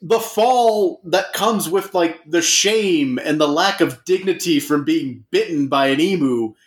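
A man putting on a solemn, high-pitched scientist. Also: a little slow, natural voice. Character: earnest male scientist addressing Congress. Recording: roomy echo.

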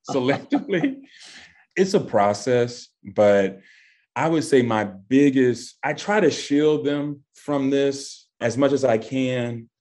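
A man, answering interview questions with passion and emphasis. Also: a little mellow. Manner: passionate, emphatic, voice rising high when stressing points. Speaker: guest. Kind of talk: impassioned interview talk.

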